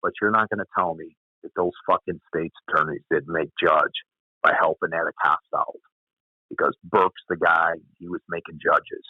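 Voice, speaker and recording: A man's voice: low-pitched, fairly even intonation, moderate pace, slightly rough, no room sound. A former police officer, telling his stories bluntly and with plenty of swearing in an interview. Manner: blunt and profane. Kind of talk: candid interview storytelling. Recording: tinny phone-like dry sound.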